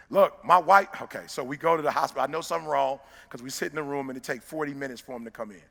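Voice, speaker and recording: A middle-aged man, giving a motivational speech that swings from hushed storytelling to loud exhortation. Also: medium pitch, fast, creaky. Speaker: motivational speaker. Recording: long hall reverb.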